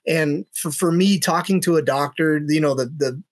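A man's voice: a little high, moderate pace. Earnest middle-aged man telling a story. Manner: earnest, many restarts and "you know" fillers. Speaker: police officer guest. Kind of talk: conversational storytelling.

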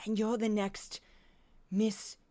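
A woman's voice: mid-range voice, flat delivery, takes it slowly, dark tone, no echo, close to an everyday voice. A woman voicing a self-obsessed, grandiose female politician as a comic impression, with a self-important manner. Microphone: close podcast mic with a sound wall.

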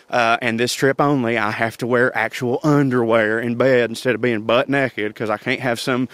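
A man's voice: medium pitch, fairly bright tone, no room sound. Laughing man telling stories. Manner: chatty, laughs often, Southern turns of phrase like y'all. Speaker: podcast host. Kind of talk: casual storytelling monologue.

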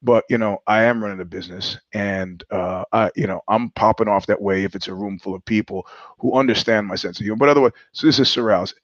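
Rambling low-voiced man telling a story. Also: quick pace, no room sound, dull audio. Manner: digressive, profane, laughs mid-sentence. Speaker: podcast host.

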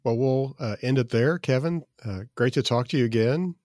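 A man's voice: mid-range voice, moderate pace, a little mellow, no room sound, clean studio sound. A man hosting a podcast, asking loose, rambling questions with many fillers. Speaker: podcast host. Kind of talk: casual podcast interview.

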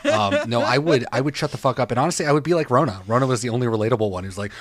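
A man's voice: mid-range voice, animated, very fast, hardly any pauses, no echo. Man, podcast co-host, swearing, exasperated, dry close sound. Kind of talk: casual chat.

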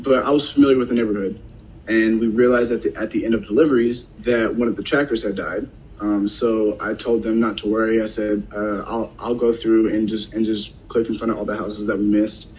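A man casually telling a personal story in a conversation, animated and acting out what other people said. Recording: dull lo-fi sound, faint rumble.

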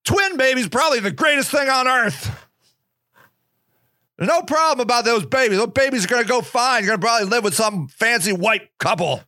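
A man with a high, bright voice rants through a solo podcast monologue. He is sarcastic and profane, dropping into mocking voices, and his voice sounds dry and close. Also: expressive, fairly quick, dry recording. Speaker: podcast host. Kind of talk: opinionated monologue.

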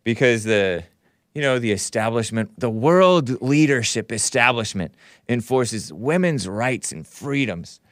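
A man's voice: medium pitch, expressive, a little slow, a bit bright, no room sound, clean studio sound. A man hosting a solo commentary show, sarcastic and given to chuckling at his own remarks. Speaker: show host.

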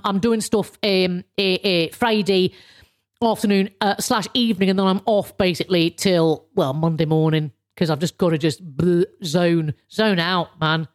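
A woman in her fifties hosting a casual solo podcast, chatty and rambling, with lots of restarts and swearing. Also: mid-range voice. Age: 50s. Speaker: podcast host.

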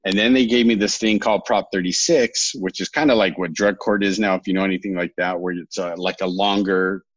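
Low-voiced man telling his story. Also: fairly even intonation, brisk, no echo, highs cut off. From California. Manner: rambling, self-correcting, wry. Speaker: podcast guest. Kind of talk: candid storytelling interview.

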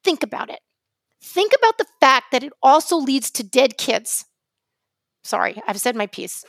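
Heated New York woman co-host, high and bright voice, close dry mic, rambling storyteller. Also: very animated, moderate pace, creaky, no echo. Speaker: podcast co-host, journalist. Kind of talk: casual podcast chat.

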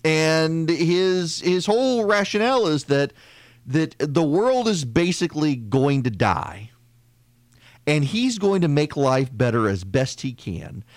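On his political podcast, a man with a fairly high voice speaks with no echo. He delivers a chatty, opinion-heavy monologue, frequently starting over and tossing in sarcastic remarks.

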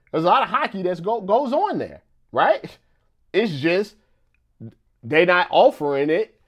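A man hosting a casual live stream, talking loosely with frequent restarts, filler asides and laughs between points. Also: high-pitched.

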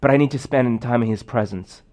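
A man's voice: mid-range voice, fairly quick, darkish tone. A young man preaching a sermon in a casual, storytelling way, full of fillers and restarts. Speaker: pastor.

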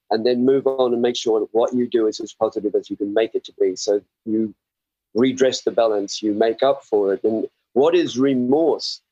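The guest is an older Australian author whose medium-pitched voice sounds a little mellow, with no room sound. Over slightly muffled remote audio, his interview answers come out earnest, rambling and self-searching.

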